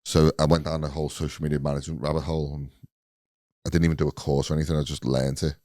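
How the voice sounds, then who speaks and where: A man's voice: extremely low pitch, little pitch movement, very fast, dark tone, no echo. A man in his late thirties hosting a casual podcast chat, talking in a loose, agreeable way. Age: 30s. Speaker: podcast host.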